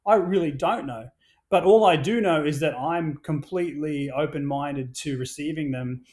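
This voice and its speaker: A man on a podcast, talking in a rambling, animated way with many restarts and plenty of swearing as he tells stories. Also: fairly high pitch, normal speed. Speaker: podcast guest, action sports brand founder. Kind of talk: casual podcast conversation.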